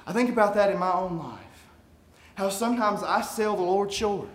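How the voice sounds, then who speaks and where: A man preaching a sermon, reading scripture aloud and swinging from quiet musing to shouted peaks. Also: high voice, brisk. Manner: reads scripture aloud in King James wording.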